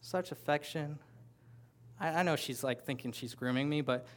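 A man's voice: a little high, normal speed. A man preaching a sermon as pastor, talking conversationally with playful asides to the congregation. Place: church sanctuary with a congregation.

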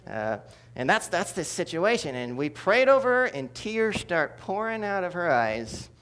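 Animated preacher telling a testimony. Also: male voice, sits high, unhurried. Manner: animated, humorous, swings between loud and hushed. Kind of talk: sermon testimony storytelling.

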